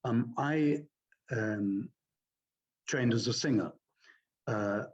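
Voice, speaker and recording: An older man, an audiobook narrator, explaining his craft in a measured, courteous, articulate way. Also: medium pitch, muffled recording. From England. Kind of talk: interview answers, explaining narration technique.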